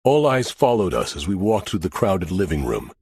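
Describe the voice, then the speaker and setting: A man with a lowish, slightly husky voice gives an expressive first-person audiobook narration. His delivery rises and falls with lively intonation. The recording is close and dry. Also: moderate pace, no echo.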